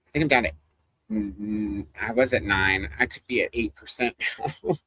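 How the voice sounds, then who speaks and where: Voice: medium pitch, moderate pace, sharp tone, slightly rough, dry recording. A livestream host chatting casually with viewers, rambling, laughing often and reading comments aloud. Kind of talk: casual chat with live viewers.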